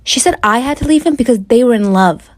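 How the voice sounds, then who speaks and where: Brief: woman, rapid delivery, mellow slightly high voice, dry sound. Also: animated, no room sound. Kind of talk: casual storytime.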